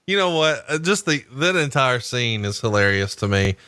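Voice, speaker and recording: Male podcast co-host: bright, dry studio sound, playful and profane. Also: mid-range voice, big pitch swings, normal speed, clean tone, dry recording. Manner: profane, teasing, reads book quotes aloud. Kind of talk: casual podcast chat.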